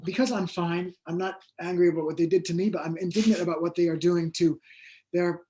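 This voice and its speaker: A man's voice: high-pitched, steady tone, a little fast, warm tone, a little hiss or hum. A man who is an author guest in an interview, telling his story in a rambling, hesitant way with many fillers. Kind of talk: conversational interview.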